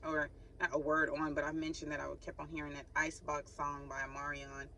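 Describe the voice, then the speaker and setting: A woman's voice: low voice, little pitch movement, brisk, sharp tone, a little hiss or hum, low-quality recording. A woman hosting a spiritual channel, giving viewers a casual spoken reading in a chatty, loose way with informal slang.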